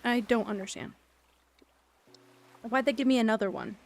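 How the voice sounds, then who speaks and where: Brief: young female streamer, higher voice, rambling and sweary, eating on mic, faint music behind. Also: lively intonation, moderate pace, gravelly. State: eating while talking. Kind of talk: casual live-stream chat.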